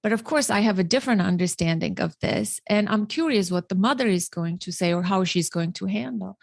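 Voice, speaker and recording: A woman's voice: mid-range voice, expressive, fairly quick, creaky, no echo. A middle-aged woman host and parent educator, talking earnestly in an interview, often restarting and repeating words. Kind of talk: conversational interview.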